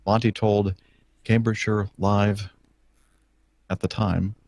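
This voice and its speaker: Brief: deep-voiced male podcast co-host, deadpan asides while reading stories. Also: takes it slowly, vocal fry, no echo. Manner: dry joking asides. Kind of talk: casual chat, reading news aloud.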